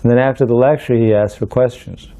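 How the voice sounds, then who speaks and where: A man's voice: mid-range voice, fast talker. A man recalling memories of his spiritual teacher as a storyteller, sometimes acting out the people in his anecdotes. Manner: animated, acts out quoted voices, laughs while telling. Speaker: disciple sharing memories. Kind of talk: storytelling reminiscence.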